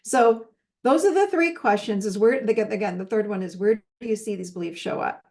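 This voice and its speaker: A woman's voice: medium pitch, fairly quick, darkish tone. A middle-aged woman teaching a relationship masterclass in a casual, conversational way, with personal stories and frequent restarts.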